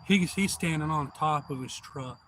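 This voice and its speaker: A man's voice: a little high, moderate pace, a bit bright, a little hiss or hum. A middle-aged man telling a long, meandering, profane story in casual chat on a live stream.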